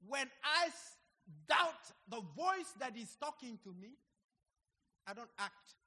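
High, bright preacher man in an echoing hall. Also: sing-song, takes it slowly, breathy edge. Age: 50s. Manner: emphatic, with dramatic swings between loud and soft. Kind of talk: sermon. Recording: long hall reverb.

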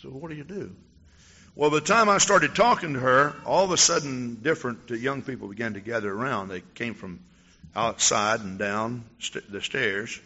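A male pastor preaching a testimony sermon, telling a story with animated storytelling and acting out the dialogue. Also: medium pitch, moderate pace, long reverb tail, highs cut off.

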